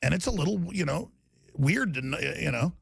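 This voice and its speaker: A middle-aged male talk radio host in a furious, shouting on-air tirade. His voice sits high for a man and comes out gravelly with a rough, raspy edge. He talks in an agitated, fired-up way. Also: animated, moderate pace, dry recording. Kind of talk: angry on-air rant.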